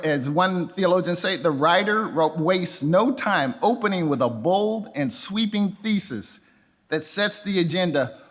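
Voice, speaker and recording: Older male pastor preaching in a reverberant church hall. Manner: conversational and animated, acting out voices with pitch jumps. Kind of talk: sermon. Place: church sanctuary.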